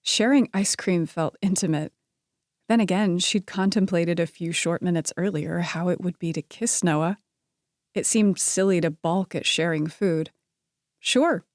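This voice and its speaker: Woman, audiobook narrator, scripted romance narration, even measured reading, lowish pitch, dry close mic. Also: no room sound.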